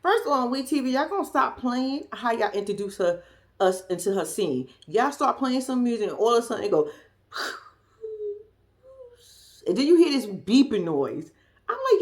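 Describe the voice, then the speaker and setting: A woman talks through a reality TV episode with plenty of sass, acting out each person's lines as she goes. Her voice sits a little high and swings widely up and down. It is a lively, casual recap aimed at her viewers. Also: a little slow. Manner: sassy, animated, acts out the cast's lines. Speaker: reality TV commentator.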